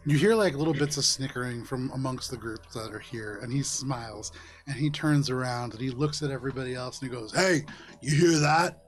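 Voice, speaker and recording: A man as game master, narrating a tabletop game in a relaxed storytelling way with filler words. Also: medium pitch, brisk.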